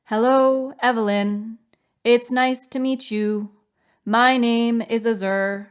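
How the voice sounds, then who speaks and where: A woman voicing a robotic translator device that speaks for an alien envoy, in slow, evenly spaced words. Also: on the high side, fairly even intonation, clean tone, pitched above the performer's own voice. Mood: polite.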